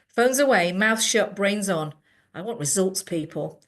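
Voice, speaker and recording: A woman voicing a cheeky schoolboy who gives brisk mock orders like a team leader. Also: mid-range voice, animated, a bit bright. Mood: bossy.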